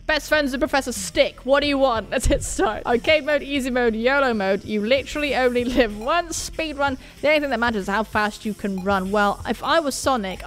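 Woman, high and bright, lively let's-play commentator who is self-mocking and sweary, with faint game music underneath. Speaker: gaming YouTuber.

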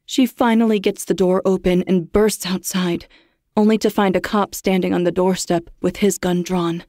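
A woman narrating a horror story in a measured, hushed, suspenseful way. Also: on the low side, fairly even intonation, no echo, studio quality.

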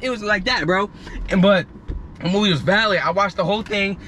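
A man's voice: high voice, brisk, a bit bright, a little hiss or hum. A young man vlogging from a car, telling loose, slangy, rambling stories in casual chat. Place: parked car outdoors.

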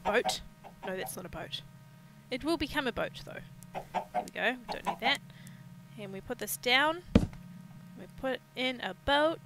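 A woman's voice: a little high, animated, measured pace, very noisy. A woman hosting a video game let's play with casual, playful commentary, now and then slipping into mock pirate talk. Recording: loud background music.

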